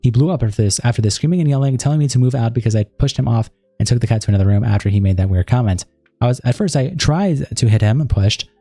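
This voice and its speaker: A man hosting a livestream, quickly reading text messages and written statements aloud. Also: medium pitch, lively intonation, warm tone, no echo, faint music behind. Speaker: livestream host.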